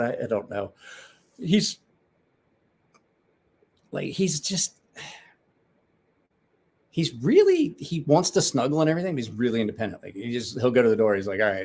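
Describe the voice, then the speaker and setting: Man, livestream host, loose and jokey, swears a lot, animated pitch. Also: husky. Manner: rambling, joking, swears often. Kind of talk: casual livestream chat with viewers.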